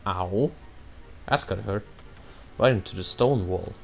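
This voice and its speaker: A man's voice: on the low side, unhurried, vocal fry, a little hiss or hum. A man giving casual, rambling commentary over a video game, joking and offhand. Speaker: video game let's player.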